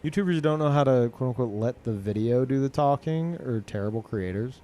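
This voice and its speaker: Man, livestreamer, casual chat, rambling, swearing, lively pitch. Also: fairly quick. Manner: rambling, swearing, restarts sentences often. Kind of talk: casual chat to a live audience.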